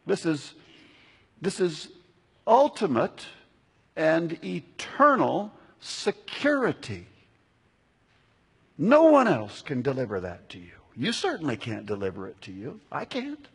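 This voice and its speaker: A man preaching a sermon as pastor, emphatic, slowing down to stress key words. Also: on the high side, huge pitch swings, slightly rough. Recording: long hall reverb.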